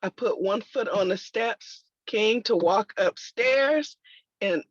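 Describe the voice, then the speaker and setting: A woman's voice: mid-range voice, expressive, slow, slightly rough, dry recording. A woman sharing a personal testimony in conversation, telling it emphatically with religious exclamations. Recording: dull lo-fi, dry sound.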